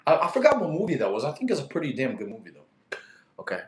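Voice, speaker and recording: Lively man streaming in an echoey room. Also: fairly high pitch. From Russia. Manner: lively, quick to get irritated at spammers. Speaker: fitness streamer. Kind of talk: livestream chat reading.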